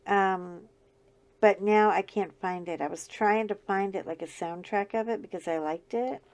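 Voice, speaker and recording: Here a scratchy-voiced, middle-aged woman who runs a crafting channel laughs a lot as she casually describes her diamond painting. Her pitch is medium, her tone darkish, and her pace moderate.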